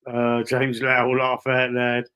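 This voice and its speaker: A Cockney man from the East End chats his way through a live stream, reading messages from viewers. He talks loosely and swears often, calling everyone bro and mate. His voice sits at an ordinary, middle pitch. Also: completely flat delivery, slow pace, pushed and bright, smooth. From East London, England. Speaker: livestream host reading chat. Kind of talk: casual live-stream chat.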